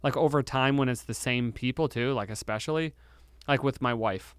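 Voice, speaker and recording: A young man hosts a relaxed conversation, talking loosely and teasing his guest. His voice is smooth and clear, recorded close and dry with no room sound. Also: mid-range voice, moderate pace, no room sound. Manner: loose, filler-heavy, playful teasing. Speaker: podcast host. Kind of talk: casual conversational interview.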